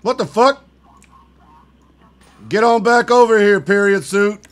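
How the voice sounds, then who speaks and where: A man's voice: high-pitched, slow pace. A man streaming a game as a state trooper, barking profane drill-sergeant insults without letup.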